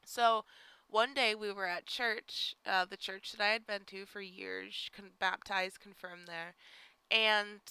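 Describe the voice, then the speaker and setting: Bright, chatty young woman. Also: mid-range voice, fairly even intonation, slow pace, clean tone, no room sound, poor audio. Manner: chatty, lots of "like" and "you know". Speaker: podcast host. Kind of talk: casual personal storytelling.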